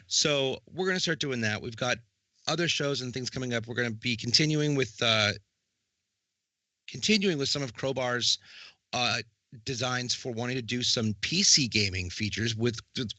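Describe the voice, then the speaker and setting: A man's voice: mid-range voice, normal speed, pushed and bright, dry recording. A man co-hosting a casual podcast, joking and rambling with restarts as he talks over plans for streams.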